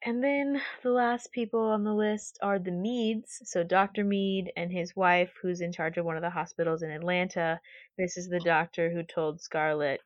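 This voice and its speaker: A woman's voice: lowish voice, fairly even intonation, moderate pace, no echo, dull audio. A young woman co-hosting a casual book podcast, chatty and rambling, sounding tired. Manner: chatty, rambling, laughs often. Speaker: podcast co-host. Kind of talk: casual book-discussion chat.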